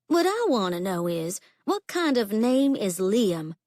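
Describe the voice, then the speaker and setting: A woman voicing a bubbly, pregnant young ranch woman with a chirpy, high drawl. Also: very animated, unhurried, darkish tone, no echo, clean studio sound.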